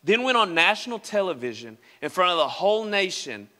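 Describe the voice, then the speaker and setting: High, bright-voiced male preacher in a big room. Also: very animated, a little fast. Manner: dramatic, acts out quoted speech. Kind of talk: sermon. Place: church sanctuary. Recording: reverberant church hall.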